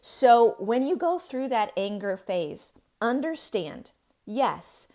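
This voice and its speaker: A woman's voice: on the high side, very animated, slow pace, dark tone. Earnest woman teaching with rising emphasis. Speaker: podcast host. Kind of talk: faith-based teaching talk on abuse recovery.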